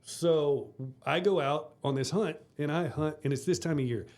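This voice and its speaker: Man, rambling storyteller, laughs a lot, slightly higher voice; casual podcast co-host. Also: normal speed, a little mellow. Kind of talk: casual chat.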